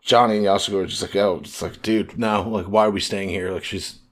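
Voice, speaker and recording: A man co-hosting a casual podcast, retelling story scenes and quickly paraphrasing the characters' lines. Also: fairly low pitch, steady tone. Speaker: podcast co-host.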